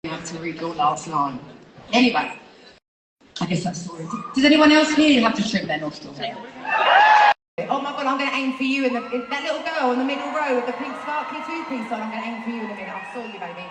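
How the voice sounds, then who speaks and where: A woman's voice: on the high side, big pitch swings, fast, very noisy. A woman in her thirties, a singer chatting candidly with her audience between songs, laughing often and swearing freely. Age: 30s. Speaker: singer performing live. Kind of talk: stage banter with the audience. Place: large concert arena. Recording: echoey arena from far off, loud crowd. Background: loud crowd.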